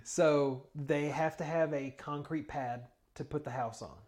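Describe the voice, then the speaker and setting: A man's voice: a little high, steady tone, measured pace, darkish tone. A man co-hosting a podcast, chatting casually and explaining things step by step with the odd filler. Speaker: podcast co-host. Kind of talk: casual chat.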